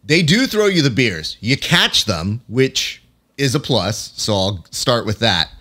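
A man's voice: medium pitch, very animated, slow, bright, forceful tone. A man hosting a casual chat, playfully critiquing a guest's celebration and acting out quotes in silly voices. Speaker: podcast host reviewing a guest's clip.

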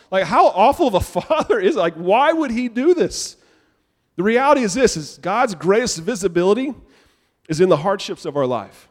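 Animated male pastor preaching. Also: high-pitched, fairly quick. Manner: conversational preaching, animated asides. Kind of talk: sermon. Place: church sanctuary.

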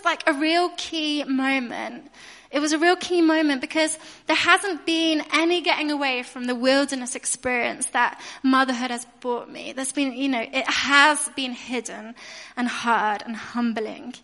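A woman's voice: high voice, sharp tone. A woman in her thirties with a British accent, telling a personal story in a chatty narrative-style sermon. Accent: British English. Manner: chatty storytelling, acting out her own asides. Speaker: guest preacher. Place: church hall. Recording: long reverb of a church hall.

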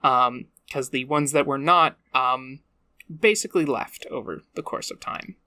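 Podcast co-host, mid pitch, blunt and relaxed, close dry mic. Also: a little slow, no echo. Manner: relaxed, blunt, casual swearing. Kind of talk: casual tabletop character-building chat.

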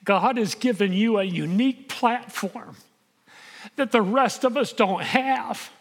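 A middle-aged man preaching a sermon as pastor, emphatic and building to loud peaks. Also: high voice, takes it slowly, in a large hall.

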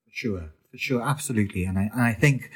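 Brief: male interview guest, slightly low voice, passionate, full of fillers and restarts. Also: fast talker, husky. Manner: enthusiastic, stumbling restarts, many fillers. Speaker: photographer guest. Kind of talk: conversational interview.

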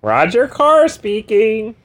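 Roger Carr, a high strained loser done by a man. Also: wildly swooping pitch, slow, heavily acted. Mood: wry. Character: hapless male playboy, pitched-up loser voice. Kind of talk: comedic dramatic reading.

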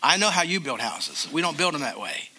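An older man preaching a sermon as a pastor, emphatic, and slowing down to stress key phrases. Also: fairly high pitch, very animated, sharp tone.

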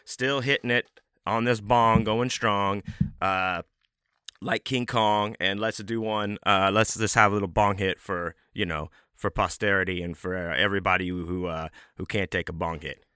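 A man hosting his own podcast, talking in a laid-back, rambling way with plenty of fillers as he gives shout-outs. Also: lowish voice, steady tone, normal speed, clean tone, no echo, studio quality. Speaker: podcast host.

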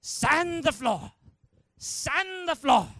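Man putting on clipped, drawn-out old karate master, high and loud, dry sound. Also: sing-song, no room sound, exaggerated voice. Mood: insistent. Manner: clipped broken phrasing, slow and drawn out. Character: old male karate master, terse and patient.

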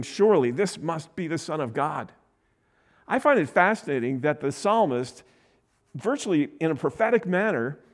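A man giving an earnest, conversational Bible teaching, reading scripture aloud and asking the listeners rhetorical questions. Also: on the high side.

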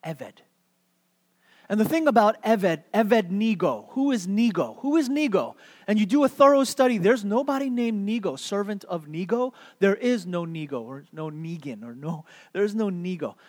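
A man's voice: high voice, animated, moderate pace, a little mellow, in a large hall. A man preaching a sermon, telling a story with playful questions to the congregation and repeating key words for emphasis. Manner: playful, asks the audience questions. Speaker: pastor.

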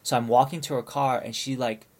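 A man's voice: mid-range voice, fairly quick. Rambling man telling a story. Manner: rambling, animated, many restarts. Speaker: storyteller asking for advice. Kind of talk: casual storytelling.

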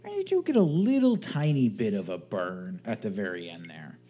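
A man's voice: lowish voice, very animated, moderate pace, dark tone, breathy edge. A man co-hosting a podcast from his home studio, chatting casually, joking and swearing now and then. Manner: jokey, swears casually, chuckles often. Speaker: podcast co-host. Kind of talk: casual chat.

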